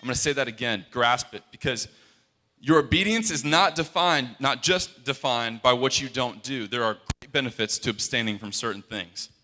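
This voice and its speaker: An earnest young man preaches in a big, reverberant hall, his bright, forceful voice ringing out over a PA microphone. He talks conversationally and often stumbles and restarts mid-sentence. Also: medium pitch, steady tone, fairly quick, hardly any pauses. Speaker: worship leader and guest speaker. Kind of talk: sermon. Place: large hall.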